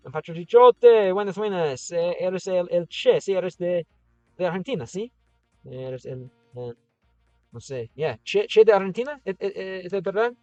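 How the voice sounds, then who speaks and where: Midwest dude rambling thru stream comments, upbeat, kinda dull lo-fi audio, faint music behind. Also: male voice, sits high, animated, moderate pace, dark tone, no room sound. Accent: Chicago, American Midwest. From American Midwest. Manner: rambling, upbeat and encouraging, many fillers. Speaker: livestream host reading comments. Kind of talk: casual livestream chat.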